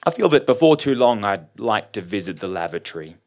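A man reads a first-person story aloud. His delivery is measured and dry, with an observant, unhurried manner. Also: on the low side, big pitch swings. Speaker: reader.

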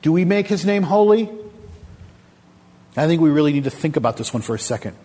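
A man delivers an emphatic sermon in a slightly higher-than-usual register, his voice a little husky. He keeps asking the congregation questions. A long reverb trails behind him, as in a church hall. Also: very animated, a little fast, mellow. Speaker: pastor.

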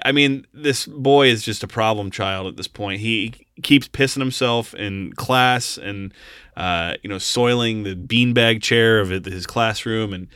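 Bright, clear-voiced podcast man. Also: lowish voice, no room sound, studio quality. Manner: blunt, exasperated, swears casually. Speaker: podcast co-host. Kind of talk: casual film review chat.

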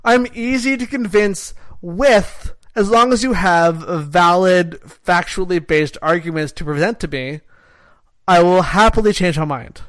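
Rambling Canadian man, somewhat high voice. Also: a little slow, dry recording. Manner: rambling, self-interrupting, frequent "like". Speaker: podcast co-host. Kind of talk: casual podcast chat.

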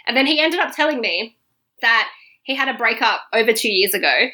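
Animated young woman telling a story. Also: brisk. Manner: animated, acts out quotes with big pitch jumps. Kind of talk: casual storytelling chat.

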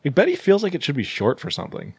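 A man's voice: on the high side, wildly swooping pitch, fast talker, gravelly, a little mellow, slightly rough, no echo. A man co-hosting a casual podcast, retelling a horror movie plot with laughs. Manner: storytelling recap, laughing. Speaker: podcast co-host. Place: same room as co-host, dry recording.

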